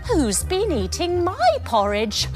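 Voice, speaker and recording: A woman voicing a mother bear in a lilting, gently indignant voice for a children's story. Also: extremely high pitch, huge pitch swings, takes it slowly, music in the background, pitched above the performer's own voice, full character voice.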